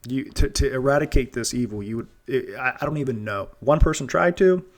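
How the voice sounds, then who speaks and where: A man's voice: medium pitch, brisk. Rambling, earnest male podcast host. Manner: rambling, restarts and repeats words, earnest. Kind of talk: casual monologue.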